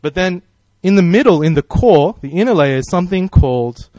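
A man's voice: sits high, lively intonation, brisk, dark tone, no echo. A man preaching a sermon in a friendly, conversational way, praying and asking the congregation questions. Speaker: pastor.

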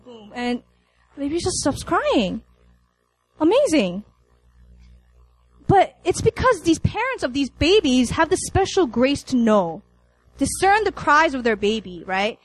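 A woman's voice: sits high, big pitch swings, moderate pace, rough recording. A young adult woman preaching a sermon to college students, telling a story with laughs and acted-out lines.

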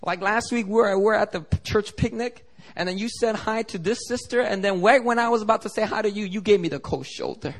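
A hurt young churchwoman pleads through tears, her voice lifted high and pulled back soft and low in volume, as a man puts her on. She complains plaintively and stumbles over her words. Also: fairly quick, hardly any pauses. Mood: hurt, tearful.

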